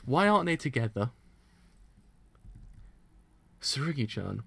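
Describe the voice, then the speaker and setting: A man reacts live on stream as he reads a manga. His voice is gravelly with a bright, forward edge, and he swings from muttering to loud, excitable outbursts. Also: medium pitch, normal speed, long pauses. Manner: excitable, bursts into loud outcries.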